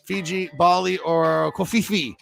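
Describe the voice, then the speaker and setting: A man's voice: high voice, fairly even intonation, unhurried, vocal fry, over music. A man with a New England accent hosting bar trivia, joking and chatty as he reads questions and scores. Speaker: trivia host.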